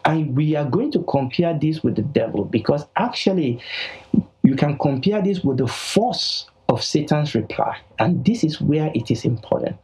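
A man's voice: fairly high pitch, lively intonation, normal speed, darkish tone, husky, rough recording. A man teaching the Bible in a broadcast, emphatic and repeating key phrases.

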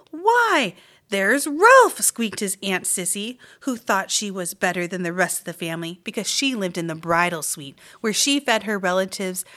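A woman reading a children's chapter book aloud as a mystery reader, with lively, expressive storytelling. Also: medium pitch.

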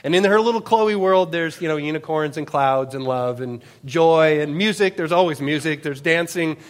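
A pastor in his thirties delivers a sermon in a fairly high, conversational voice. He leans on everyday family anecdotes and keeps pulling the congregation in with quick questions. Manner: conversational, anecdotal, often asks "right?".

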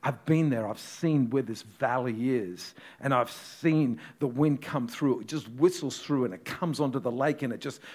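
A man preaching a sermon as a pastor, telling the story dramatically and swinging from loud to hushed. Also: medium pitch, moderate pace, hardly any pauses.

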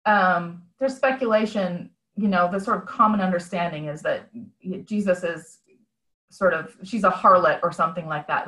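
A woman's voice: mid-range voice, a bit bright, roomy sound, rough recording. A woman preaching a conversational sermon over a video call, retelling a story in a plain-spoken, reflective way.

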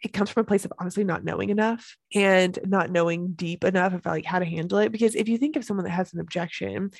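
A woman's voice: fairly low pitch, steady tone, quick pace, gravelly, a little mellow, no room sound. A woman hosting a solo podcast as a business coach, talking with energy and emphasis and repeating key phrases.

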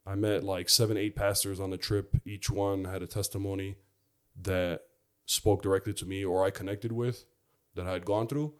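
Earnest man with a lowish voice. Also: level tone, smooth. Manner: earnest, reflective, halting with fillers. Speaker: former football player giving his testimony. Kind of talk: personal faith testimony.

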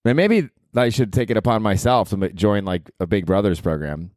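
A man in his forties talks through a solo podcast episode in a low voice, rambling and swearing freely. He keeps running himself down, often jumping into high mocking voices. The sound is dry and close, recorded at home. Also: expressive, a little fast, a little mellow, no room sound. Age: 40s. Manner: rambling, profane, self-deprecating, jumps to high mock voices. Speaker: podcast host and stand-up comedian. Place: New York apartment. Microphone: handheld field recorder.

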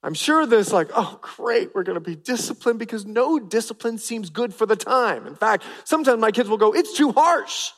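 A middle-aged man preaching a sermon as pastor, animated and acting out family voices. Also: high voice, normal speed, few pauses. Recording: long reverb of a large hall.

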